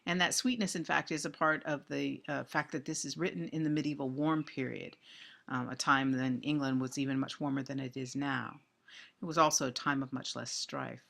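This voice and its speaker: A man giving a recorded literature lecture, speaking deliberately and thoughtfully with frequent ums and restarts. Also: medium pitch, fairly even intonation, gravelly, bright, forceful tone.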